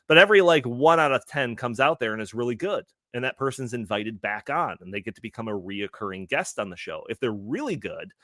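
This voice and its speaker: A man's voice: medium pitch, animated, brisk, hardly any pauses, a bit bright, dry recording, clean studio sound. A man talking as a panelist on a podcast, explaining at length in casual chat with many fillers. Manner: rambling, filler-heavy explaining.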